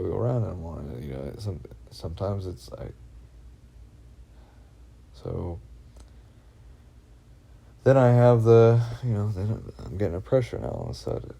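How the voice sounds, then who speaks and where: Brief: man, gravelly low voice, husky edge, anxious rambling vlogger who swears a lot and keeps restarting. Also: animated, warm tone. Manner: halting, full of fillers and restarts, heavy swearing; uneasy, anxious telling. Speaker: vlogger recounting personal experiences. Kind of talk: rambling first-person monologue.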